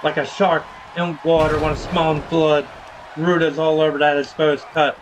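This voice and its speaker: A man's voice: on the high side, level tone, normal speed, slight background noise. Man calling a wrestling game. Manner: casual, hypes viewers with slang. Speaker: streamer. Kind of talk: play-by-play game commentary.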